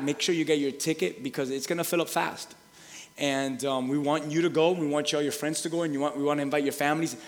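Announcements from a mid-range-voiced male pastor start with repetitive, stammering restarts. They escalate into a shouted hype like a sermon, with laughter and excited calls to the congregation. The large church hall gives the recording a long reverb.

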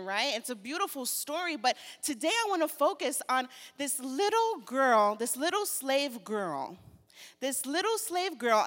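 A woman preacher giving a sermon and reading scripture aloud, slow and deliberate, turning animated as she retells the story. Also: on the high side. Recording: long reverb of a large hall.

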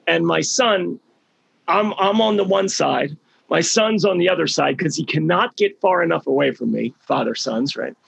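Very gravelly middle-aged man, emphatic. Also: fairly high pitch, normal speed, fairly bright tone, no room sound. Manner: emphatic storytelling, repeats words for stress. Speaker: healing program leader. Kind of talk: motivational talk.

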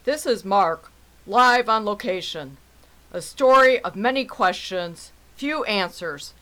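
Slow, bright-voiced woman reading scripture. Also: mid-range voice, low-quality recording. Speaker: mock newscaster and scripture reader. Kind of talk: reading scripture as a mock news report.

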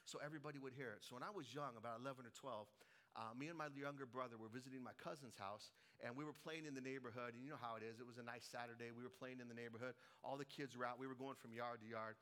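Bright-voiced middle-aged preacher man. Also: medium pitch. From Colorado, United States. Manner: animated storytelling with humor and voices. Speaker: pastor. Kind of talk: sermon.

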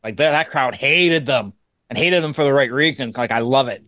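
A man co-hosting a podcast in casual chat, emphatic and quick to swear, with stumbling restarts. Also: mid-range voice, sharp tone, dry recording. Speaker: podcast co-host.

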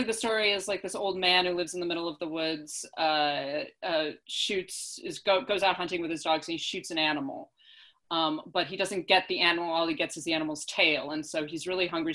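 Young woman from upstate New York, chatty co-host, lower register. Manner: chatty, animated storytelling with laughs. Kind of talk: casual chat.

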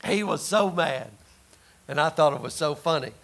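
A man preaching a sermon, telling folksy stories and rising to loud emphasis. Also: fairly high pitch, expressive, normal speed. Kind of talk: sermon with personal story.

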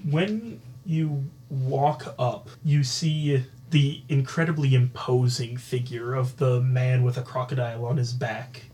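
A man acting as dungeon master, narrating scenes and settling rules in a calm, matter-of-fact way. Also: mid-range voice, slow pace, hardly any pauses. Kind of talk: narrating a tabletop game.

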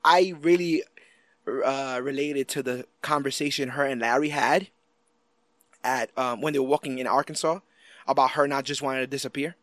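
A man co-hosting a casual chat about a TV series, animated and quick to act out lines from it. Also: medium pitch, no room sound. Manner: animated, acts out quotes in lively voices. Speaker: podcast co-host.

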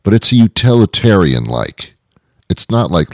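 A man with an extremely deep, gravelly voice rambles through a deadpan comedy monologue, full of sardonic, misanthropic asides. His delivery swings widely in pitch. The recording is dry and close, with no room sound. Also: measured pace, dry recording.

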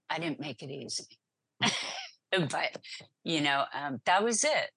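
A middle-aged woman with a low, husky voice tells her story with animation, laughing often and acting out the voices around her. The sound is dry and close. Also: animated, measured pace, sharp tone, no echo. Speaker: podcast guest. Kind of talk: storytelling in an interview.

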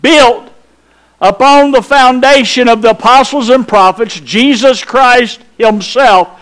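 High-voiced, slow-preaching man. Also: a bit bright. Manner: emphatic, drawn-out phrases with rhetorical questions to the congregation. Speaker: pastor. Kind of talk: sermon.

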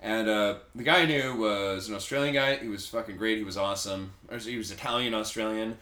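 A man's voice: on the low side, a little fast, sharp tone. Rambling crude-talking man in echoey room. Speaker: podcast co-host. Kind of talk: casual chat, storytelling.

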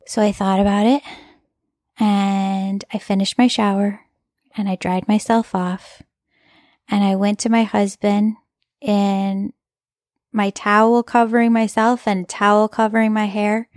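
A woman's voice: medium pitch, level tone, a little slow, a little mellow, no echo, studio quality. A woman telling an emotional personal story as a mother in an earnest, heartfelt, confessional way.

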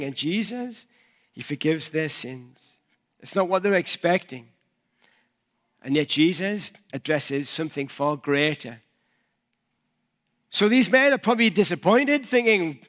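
High-voiced male pastor preaching. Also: expressive, unhurried, pauses often, a bit bright. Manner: conversational, uses props and everyday examples. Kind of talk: sermon. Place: church.

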